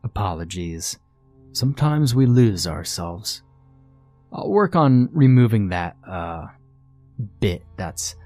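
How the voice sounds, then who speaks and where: A grinning, sinister double who calls himself God, as a male narrator puts him on. He talks in a smug, mocking, commanding way with a lowish voice, and faint music plays behind him in this creepy horror story. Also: a little mellow.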